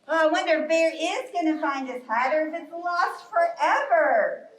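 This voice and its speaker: A woman's voice: extremely high pitch, expressive, normal speed. A woman leading a live yoga story class for children in a library, giving cheerful, coaxing instructions. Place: library program room. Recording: echoey room, from far off.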